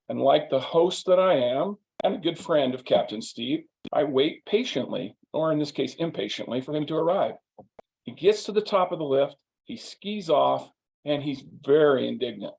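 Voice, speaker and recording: A male keynote speaker who tells a funny anecdote in a conversational way. His voice sits a little high for a man. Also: animated, moderate pace, creaky, darkish tone, low-quality recording. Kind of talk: storytelling keynote talk. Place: virtual showcase, remote.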